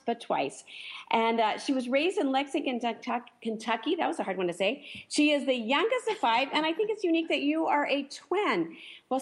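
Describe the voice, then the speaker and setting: Chatty female radio talk show host. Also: fairly high pitch. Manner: chatty, warm, laughs easily. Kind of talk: casual radio interview.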